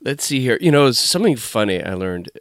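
A man's voice: medium pitch, sing-song, fairly quick, a bit bright, dry recording. A man hosting a podcast in casual conversation, rambling and breaking off his own sentences. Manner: rambling, self-interrupting, chatty. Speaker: podcast host.

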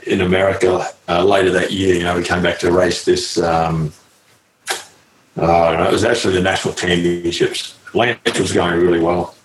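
A man, a retired cyclist, telling a story in a halting way with lots of fillers and salty slang. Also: deep voice, slight background noise. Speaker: retired pro cyclist, guest. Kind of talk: casual storytelling interview. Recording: roomy echo, faint ambience.

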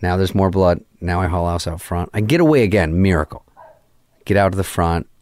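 In a garage studio, a middle-aged guest comedian with a low-pitched voice talks fairly quickly. His storytelling is animated and full of profanity, and he voices the people in it himself as he goes.

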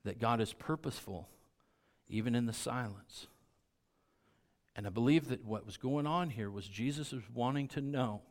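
A middle-aged man preaching a sermon as pastor, emphatic and fond of repeating key phrases, often dropping to a quiet, intense delivery. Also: medium pitch, normal speed.

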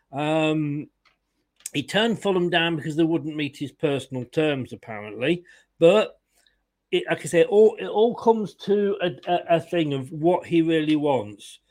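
A man's voice: a little high, darkish tone. A man hosting a casual football fan live stream, chatty and opinionated, often laughing as he greets viewers.

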